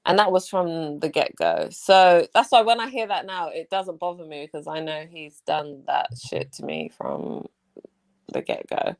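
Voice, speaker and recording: A woman's voice: low-pitched, wildly swooping pitch, a little slow, creaky, darkish tone. A woman with a South London accent in a blunt, profane casual chat, mimicking others as she talks. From England. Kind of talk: casual live-stream chat.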